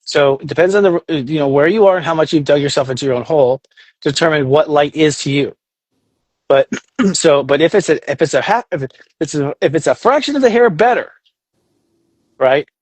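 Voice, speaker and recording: A man with a fairly high voice talks in an animated, casual way, often slipping into quoted inner voices and the odd swear word. The sound is dry and close, with no room echo. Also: brisk. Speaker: astrologer guest. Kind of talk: casual podcast chat.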